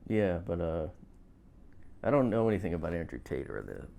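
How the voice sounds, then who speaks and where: A man's voice: deep voice, very animated, fairly quick, gravelly, dark tone. A man guesting on a talk show, laid-back and hesitant with a wry edge. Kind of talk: casual chat.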